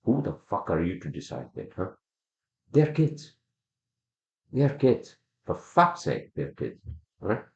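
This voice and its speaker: A man's voice: deep voice, sing-song, moderate pace, creaky. A man hosting a solo podcast, ranting heatedly and swearing a lot, often asking "all right?". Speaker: podcast host. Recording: roomy, dull lo-fi sound.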